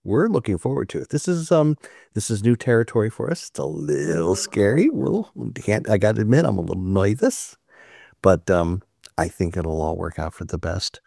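A man's voice: on the low side, expressive, normal speed, vocal fry, warm tone, dry recording, studio quality. A man hosting a casual podcast, rambling and laughing between topics. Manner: rambling, laughing, self-mocking. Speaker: podcast host. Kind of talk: casual chat.

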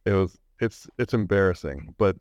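A man with a low voice chats casually on a podcast, drifting through a story and chuckling along the way. The recording is dry and somewhat muffled, with no room sound. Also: normal speed, a little mellow, no echo. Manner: rambling storyteller, laughs while telling. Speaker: podcast co-host. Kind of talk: casual chat.

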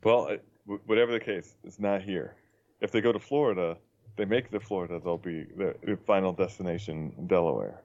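A man's voice: sits low, brisk, a little mellow. A man telling family stories in a casual chat, chuckling as he goes. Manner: chuckles through his stories. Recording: dull lo-fi sound.

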